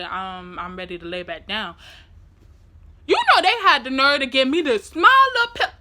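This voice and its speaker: Bright-voiced young woman telling a story. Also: fairly high pitch. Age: young adult. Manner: animated, demonstrative storytelling. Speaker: vlogger. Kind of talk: emotional storytime.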